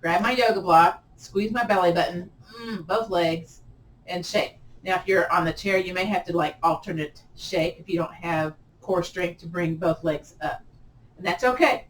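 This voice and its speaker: A woman teaching a gentle yoga class, chatty and encouraging, often laughing at herself. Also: on the low side, normal speed, echoey room, recorded from a distance, a little hiss or hum, low-quality recording. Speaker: yoga instructor.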